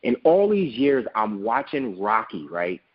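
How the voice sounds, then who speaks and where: A man's voice: fairly low pitch, sing-song, measured pace, dull audio. A man who owns a business, telling an emphatic motivational story in an interview. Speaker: guest, business owner.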